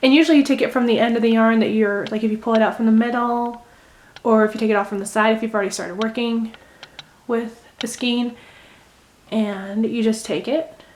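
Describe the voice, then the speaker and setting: A young woman talks through a craft project in a loose, rambling way, full of little fillers and asides. Her voice sits a touch high, and her tone stays gentle and easygoing. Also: fairly even intonation, a little fast. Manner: rambling, gentle, thinks aloud with many fillers. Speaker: crochet vlogger. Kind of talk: casual how-to chat while unraveling knitting.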